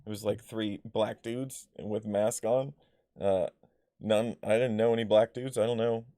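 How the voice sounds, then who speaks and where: A man's voice: fairly low pitch, fairly even intonation, a little slow, dark tone, no echo. Rambling man telling stories, dry sound. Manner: rambling, filler-heavy, loses his thread; blunt, swears freely. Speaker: vlogger. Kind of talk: casual personal storytelling.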